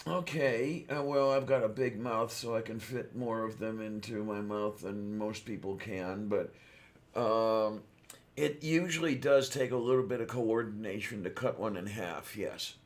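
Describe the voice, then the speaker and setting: A man co-hosting a podcast in casual chat, hesitant and self-deprecating, pausing often with ums. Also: lowish voice. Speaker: podcast co-host.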